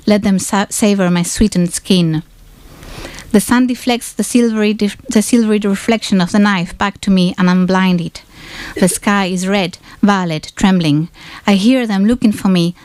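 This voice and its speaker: Woman giving a measured literary reading. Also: mid-range voice, darkish tone, no echo. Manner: measured, deliberate first-person reading. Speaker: reader of a novel excerpt. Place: bookshop event.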